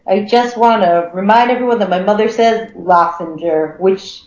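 A woman's voice: mid-range voice, moderate pace, a little mellow. A woman co-hosting a podcast, teasing and wry in casual chat. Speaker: podcast co-host. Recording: roomy, dull lo-fi sound.

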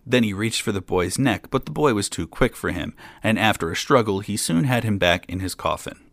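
A man reading a fairy tale aloud in a calm, steady storytelling manner. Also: on the low side, fairly quick, gravelly, dry recording.

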